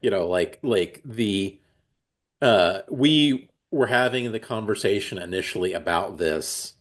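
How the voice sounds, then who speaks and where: Rambling low-voiced man talking comics. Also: expressive, unhurried. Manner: rambling with many restarts. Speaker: comics creator and publisher, guest. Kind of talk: casual conversation.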